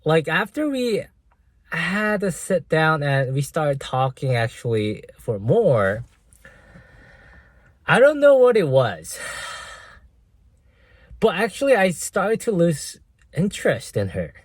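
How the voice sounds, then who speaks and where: Slow, hesitant young man. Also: fairly high pitch, big pitch swings, no room sound. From Korea. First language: Korean. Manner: hesitant, full of fillers and "right?" tags. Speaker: vlogger. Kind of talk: casual storytelling vlog.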